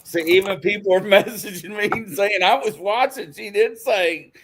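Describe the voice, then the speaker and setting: There's slight background noise as a man with a high-pitched voice hosts a casual live chat show at normal speed. Laughing a lot, he spells out names as he types.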